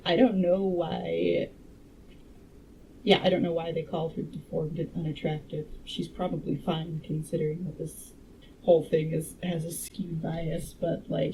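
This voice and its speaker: A woman's voice: sits low, level tone, normal speed, noisy background. A woman reading a classic horror story aloud and breaking off for wry, sarcastic comments. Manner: wry, sarcastic asides between passages. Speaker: audiobook reader and commentator.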